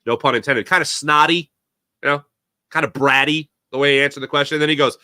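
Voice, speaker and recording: A man hosting a live sports talk show, giving opinionated takes and answering viewer chat in an animated way. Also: on the high side, dry recording, clean studio sound. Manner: opinionated, animated, quick asides to chatters.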